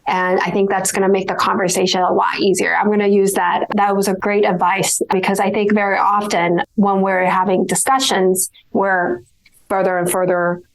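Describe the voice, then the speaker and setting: A woman's voice: mid-range voice, fairly even intonation, moderate pace, rough recording. A woman hosting an interview podcast, speaking casually and hesitantly. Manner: hesitant, with many fillers. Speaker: podcast host.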